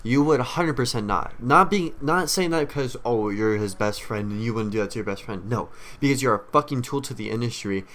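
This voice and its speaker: A man's voice: medium pitch, a little fast, few pauses, fairly bright tone. A man streamer giving a rambling, blunt commentary rant, swearing heavily as he talks. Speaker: streamer reacting to clips.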